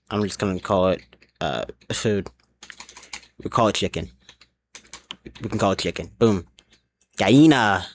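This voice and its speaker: A man with a somewhat low voice gives loose live commentary while he plays. He sounds a little drunk, swears freely and keeps repeating and restarting his sentences. His talk wanders from one thought to the next. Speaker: streamer. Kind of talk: casual live gaming commentary.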